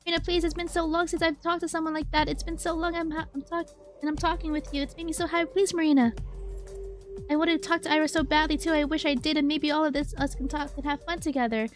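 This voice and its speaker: A woman's voice: sits high, little pitch movement, fast, soft background music, close to an everyday voice. A woman voicing a lonely, desperate young man who pleads and begs over and over while reading game dialogue aloud. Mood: pleading. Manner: pleading, repetitive, breathless begging.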